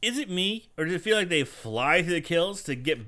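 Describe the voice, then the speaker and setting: A man's voice: high voice, fairly quick. A man co-hosting a podcast, telling stories in a casual chat, joking and swearing freely. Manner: animated storyteller, swears freely, jokes and acts out voices. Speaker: podcast co-host.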